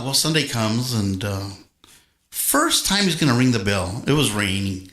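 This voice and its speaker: A man's voice: medium pitch, big pitch swings, unhurried, fairly bright tone. A man chatting casually with his livestream viewers between songs, rambling and telling corny jokes. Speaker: livestream host and guitarist. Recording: roomy echo with faint guitar.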